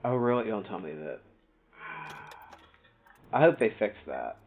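A fairly low-voiced man streams a game and chats loosely, talking through what he sees and explaining tech things to a friend at length. The sound is thin and tinny, like it came through a phone line. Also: big pitch swings, measured pace. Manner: chatty, explains things at length, thinks aloud while playing. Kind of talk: casual gameplay stream chat.

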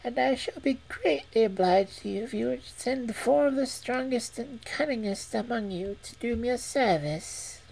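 A sly, well-mannered female cat from a storybook, as a woman puts her on. She speaks in a lifted, slightly breathy voice, unhurried and courteous. There is a quiet cleverness under the politeness. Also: fairly high pitch, voice pushed up, low-quality recording. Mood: polite.

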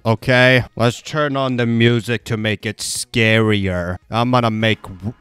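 Young man, gaming YouTuber, sarcastic and self-mocking, clear smooth voice, dry close mic. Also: mid-range voice, steady tone, unhurried, a bit bright, no room sound, soft background music. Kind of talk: Roblox gameplay commentary.

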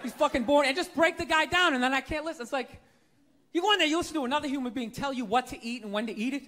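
Bright-voiced man ranting on stage. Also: extremely high pitch, racing, some chatter behind. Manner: ranting, profane and incredulous. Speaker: stand-up comedian. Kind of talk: stand-up comedy. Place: stage before a live audience. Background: audience laughter.

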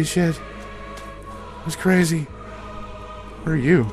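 A man commentating his own gameplay, panicking and swearing through fights, then calming down to chat. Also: mid-range voice, a little slow, long pauses, soft background music. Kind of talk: let's play commentary.

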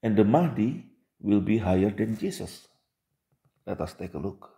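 A man reads religious texts aloud and picks them apart in a slow, deliberate delivery. His voice is low, dark and gravelly. He leans on rhetorical questions and repeats words for emphasis, recorded in an echoey room. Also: animated. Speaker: religious commentator. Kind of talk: reading and commenting on religious texts.

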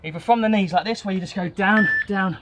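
A man's voice: high voice, fast, heavy background noise. A man with a British accent, out of breath, coaching a home workout and calling out moves with energy. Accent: British English. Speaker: fitness coach. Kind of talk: workout instruction.

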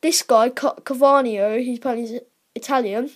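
A teenage girl chats her way through a card-pack-opening vlog, excitable and quick to exclaim at each result. Her voice sits high. She talks into a computer microphone in a room at home. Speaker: vlogger. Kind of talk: casual pack-opening commentary.

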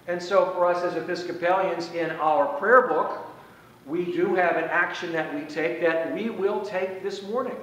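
A man priest giving a conversational, folksy sermon, slowing down to stress key phrases, in a church sanctuary. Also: high-pitched, a bit bright. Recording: echoey church from far off.

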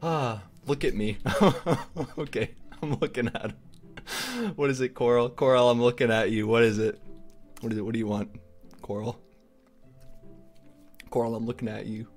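Young guy doing hyped game commentary, playful and pleading, voice shoots up when excited, soft game music under it. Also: medium pitch, unhurried, pauses often. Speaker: gaming video host.

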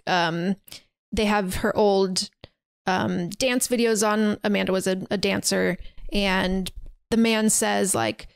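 A woman's voice: mid-range voice, steady tone, slow pace, creaky, smooth, no room sound. A woman hosting a podcast, casually retelling a horror film's plot in a chatty way with many fillers and restarts. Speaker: podcast host. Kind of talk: casual movie recap.

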